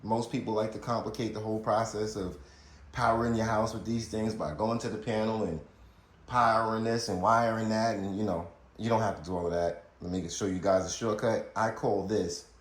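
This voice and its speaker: A man hosts a casual DIY solar how-to video, speaking bluntly and chattily straight to viewers while he works in the laundry area of his house. His voice is fairly low-pitched, with a roomy sound.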